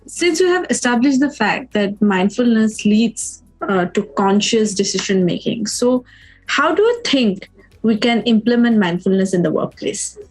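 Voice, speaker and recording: A woman podcast host posing formal, measured interview questions to her guest. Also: a little high, big pitch swings, faint music behind, rough recording.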